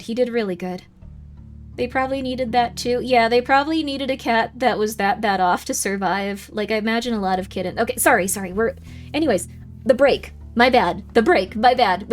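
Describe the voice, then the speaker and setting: Woman streamer, bright high voice, chatty rambler over quiet music. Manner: rambling storytelling with many "like" fillers. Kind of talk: casual livestream chat.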